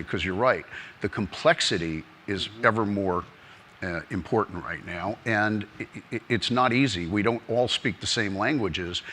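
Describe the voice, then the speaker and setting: A man's voice: lowish voice, fairly bright tone, a little hiss or hum. A man as the interviewed guest in an on-stage conference conversation, telling stories and rambling with restarts.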